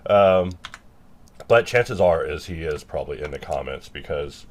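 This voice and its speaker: A man chatting casually and rambling while he works, self-mocking, sometimes bursting into loud mock-angry lines. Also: rumbling low, expressive, a little slow.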